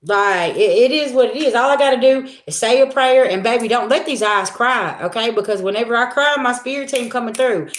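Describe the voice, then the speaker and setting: Her pitch is fairly high and she talks a little fast, hardly pausing, in an echoey room. A spiritual reader, she addresses her viewers in a casual, blunt, swear-laden monologue, repeating herself to drive points home.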